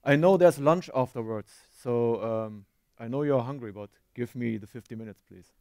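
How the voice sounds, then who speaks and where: A man's voice: mid-range voice, normal speed, a little mellow, dry recording. German guy giving a tech talk on stage, dry close sound, jokes about himself. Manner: self-deprecating, quizzes the audience. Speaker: conference speaker. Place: conference hall stage.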